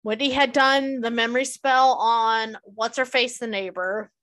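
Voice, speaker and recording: A woman with a slightly high voice co-hosts a casual podcast chat about a TV episode. She chimes in with her own comments and quotes characters' lines back to her co-host. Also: fairly even intonation, unhurried, a bit bright.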